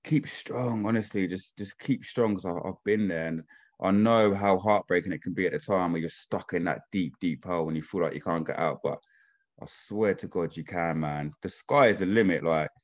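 A man's voice: low-pitched, moderate pace, highs cut off. A man, chatting casually as a podcast guest and telling stories informally and with animation. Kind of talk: casual chat.

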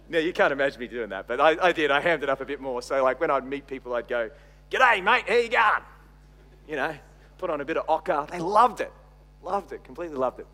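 A middle-aged Australian man preaching a sermon, swinging between loud emphasis and quiet asides. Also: medium pitch, fast. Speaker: pastor. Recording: long reverb from a large hall.

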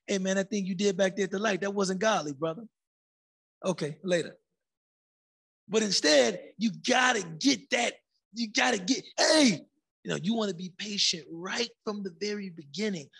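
A man giving a casual, conversational sermon as a religious teacher. He is animated and colloquial, slows down for emphasis, and jumps into shouted bursts. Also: high-pitched, gravelly, husky.

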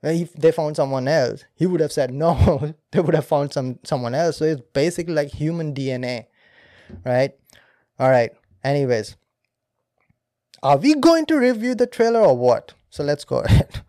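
A man's voice: on the high side, animated, normal speed, dark tone, no room sound, studio quality. A man hosting a podcast, talking casually, laughing often and explaining science step by step. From India. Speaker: podcast host.

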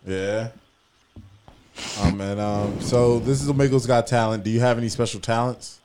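A man's voice: medium pitch, fairly even intonation, moderate pace, noisy background. A man co-hosting a casual podcast stream, joking and egging the others on. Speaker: podcast co-host. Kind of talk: casual live-stream chat.

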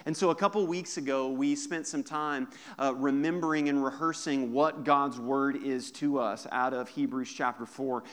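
A man preaching a sermon as pastor to his congregation, lively and joking with the listeners. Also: mid-range voice, normal speed, hardly any pauses. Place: church service.

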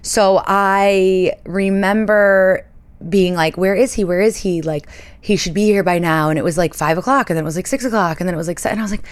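A woman's voice: mid-range voice, brisk. A woman in her thirties hosting a podcast, telling a story in a chatty, dramatic way and acting out the people in it. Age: 30s. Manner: chatty, dramatic, acts out quoted voices. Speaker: podcast host. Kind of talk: casual solo podcast storytelling.

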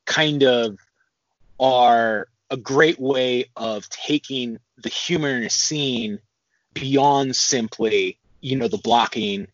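A man's voice: medium pitch, dry recording. Young man, podcast co-host, analytical, many fillers, mid-range voice, dry dull lo-fi sound. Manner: thoughtful, analytical, with frequent fillers. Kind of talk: casual film discussion.

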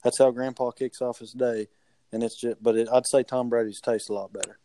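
A man's voice: medium pitch, fairly even intonation, a little fast, dark tone. A young man, telling rambling family stories in casual chat. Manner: rambling, easygoing storyteller.

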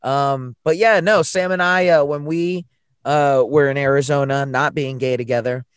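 A man's voice: mid-range voice, steady tone, normal speed, smooth, no echo, clean studio sound. A man hosting a casual podcast chat, loose and slangy, calling people "dog" and "bro". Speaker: podcast host.

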